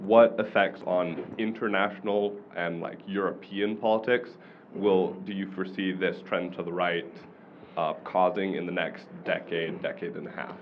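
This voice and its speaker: A man in the audience asking a deliberate question with pauses. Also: low-pitched, level tone, highs cut off, slight background noise. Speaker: audience member.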